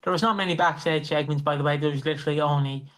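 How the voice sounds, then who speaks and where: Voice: mid-range voice, steady tone, rapid-fire, fairly bright tone. Co-host rambling about old wrestling shows, swears, hums theme tunes. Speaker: podcast co-host. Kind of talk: casual wrestling podcast chat.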